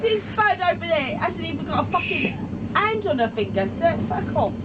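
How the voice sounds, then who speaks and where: A woman's voice: very high-pitched, very animated, moderate pace, muffled recording. Swearing woman ranting on a noisy train. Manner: swearing, hostile. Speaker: passenger on public transport. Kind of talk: angry rant. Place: train carriage in London. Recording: noisy phone video on a train.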